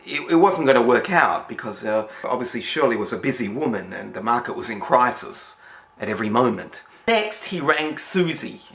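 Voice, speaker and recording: A man's voice: mid-range voice, expressive, moderate pace, fairly bright tone. A man with an Australian accent telling a story casually, rambling with many fillers and restarts. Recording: roomy echo.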